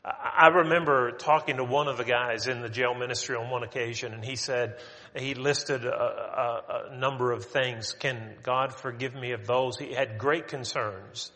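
A man's voice: medium pitch, steady tone, moderate pace, sharp tone, in a large hall. A man preaching a sermon to his congregation, conversational and emphatic, rising on his questions.

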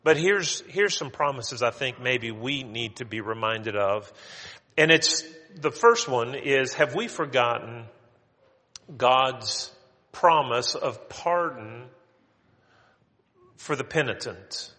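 A man's voice: mid-range voice, lively intonation, slow pace, bright, forceful tone, big-room sound. A man preaching a sermon to his congregation, conversational and emphatic, rising on his questions.

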